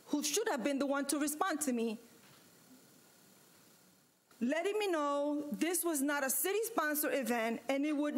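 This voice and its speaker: A woman serving as vice mayor, giving a firm, emphatic statement at a city commission meeting and repeating her points with pauses. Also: sits high. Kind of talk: formal statement at a public meeting.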